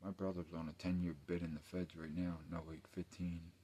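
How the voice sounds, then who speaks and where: A man's voice: sits low, little pitch movement, brisk, dark tone. A man, rambling through a late-night rant full of profanity. He often trails off into mumbles, and there is a faint hiss of background noise behind him. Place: home, indoors at night.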